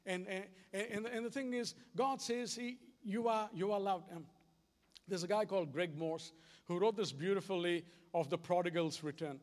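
A man's voice: high-pitched, moderate pace. A man preaching a sermon, telling stories with animation and acting out dialogue. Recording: long hall reverb.

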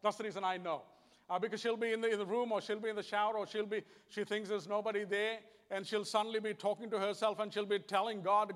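High-voiced Kiwi preacher in a reverberant hall. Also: male voice, little pitch movement, fast, a bit bright. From New Zealand. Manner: earnest, repetitive, plain-spoken. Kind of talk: conversational sermon.

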